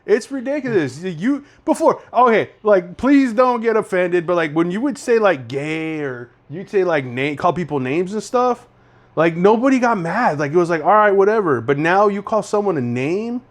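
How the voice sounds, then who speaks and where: A man's voice: high-pitched, very animated, normal speed. A young man co-hosting a podcast in laid-back casual chat, often saying "bro". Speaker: podcast co-host.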